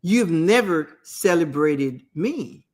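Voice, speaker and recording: A woman's voice: fairly low pitch, expressive, a little mellow. A woman voicing an angry, resentful older son who fires off indignant questions in a storytelling talk. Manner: indignant rapid-fire questions.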